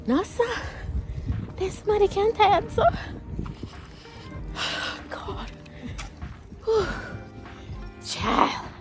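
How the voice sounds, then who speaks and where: Jamaican woman vlogger, breathless walk-and-talk, unhurried, music bed underneath. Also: sits high. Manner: chatty, laughs often, uses patois phrases. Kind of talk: casual walking vlog. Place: outdoors on a street.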